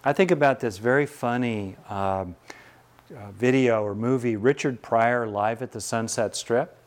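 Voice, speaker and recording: A male meditation teacher speaks in a relaxed, conversational way, moving into stories to answer his students. His voice sits at an ordinary mid pitch. He sounds folksy and unhurried. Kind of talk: teaching talk with Q&A.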